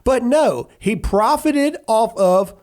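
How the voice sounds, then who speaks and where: A man's voice: very high voice, expressive, slow. A man hosting a podcast, chatting casually and mocking, with ranting bursts. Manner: brash, mocking, rants with rising shouts. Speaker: podcast host. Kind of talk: casual comedic political chat.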